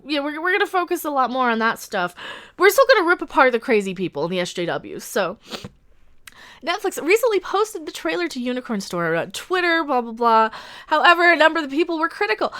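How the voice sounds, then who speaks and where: A young woman YouTube commentator ranting sarcastically to camera, loud and full of swearing and laughter. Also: high voice.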